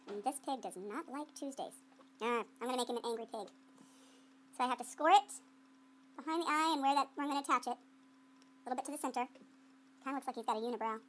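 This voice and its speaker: High voiced art teacher lady talking through a clay project, playful and chatty. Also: fairly bright tone. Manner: playful running commentary while working. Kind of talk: clay sculpting demonstration for students.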